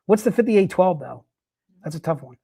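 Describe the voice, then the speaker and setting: A man's voice: high-pitched, expressive, normal speed, vocal fry, warm tone, breathy edge. Dude-saying guy running a live collectibles sale, chatty and upbeat. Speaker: livestream sales host. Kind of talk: casual live sales patter.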